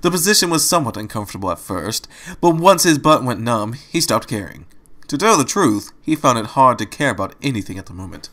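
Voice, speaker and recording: A man's voice: medium pitch, big pitch swings, brisk, a bit bright. Man reading a fan-fiction story aloud. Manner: wry asides while reading. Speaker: story reader.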